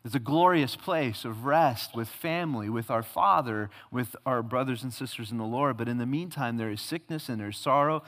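A male pastor preaching a sermon, emphatic, swinging from loud declarations to hushed tones. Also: mid-range voice, normal speed, hardly any pauses. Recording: long hall reverb.

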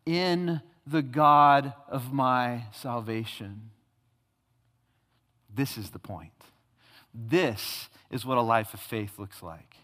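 A man's voice: medium pitch, slow pace, pushed and bright. A male pastor preaching a sermon with emphatic repetition and rhetorical questions, recorded in a church sanctuary. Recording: long hall reverb.

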